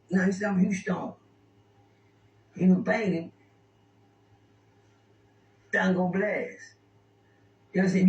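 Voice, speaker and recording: A man's voice: sits high, highs cut off. A man telling prison stories in casual talk, rambling and stammering over repeated words. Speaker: interview guest. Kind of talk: casual storytelling. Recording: echoey room, distant mic, faint noise.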